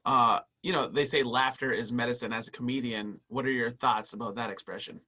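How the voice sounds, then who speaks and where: A man's voice: medium pitch, steady tone, fairly quick, sharp tone. A man hosting an interview, encouraging his guest and asking long, strung-together questions. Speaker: interview host.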